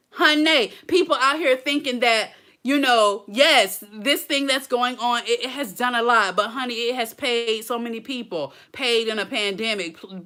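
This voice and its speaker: A woman coaching viewers on a live stream, energetic and preachy, full of slang and laughter, talking into her phone. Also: on the high side. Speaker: blogging coach hosting a live Q&A. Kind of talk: casual live-stream talk. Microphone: phone held close.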